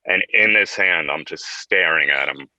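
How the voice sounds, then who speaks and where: A man's voice: a bass voice, normal speed, pushed and bright, dry recording, muffled recording. A middle-aged man, a talk-show guest, earnestly and vividly telling a personal story.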